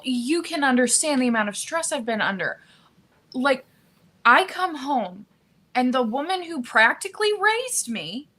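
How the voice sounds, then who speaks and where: A woman's voice: high-pitched, sharp tone, full character voice. A woman playing a rattled, theatrical young heiress. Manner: overwrought, theatrical, milking it.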